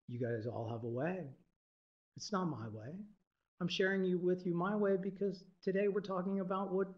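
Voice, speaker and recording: A man giving an informal, irreverent spiritual talk to a group, swearing freely and laughing often. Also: high voice. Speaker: teacher. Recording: dull lo-fi recording.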